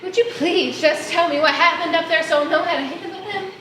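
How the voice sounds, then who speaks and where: A teenage girl playing a weary, sharp-tongued young woman in a high school stage play, speaking in an exasperated, pointed way. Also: a little fast. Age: teens. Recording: roomy, distant mic, noise.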